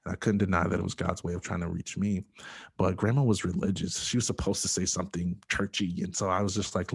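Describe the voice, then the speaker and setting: A young man with a notably deep, low-pitched voice recounts his experience in conversation. He speaks earnestly and haltingly, filling pauses with ums and uhs as he searches for words. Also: gravelly, husky. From Michigan. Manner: earnest, halting storytelling with many fillers. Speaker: interview guest. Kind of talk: personal testimony in conversation.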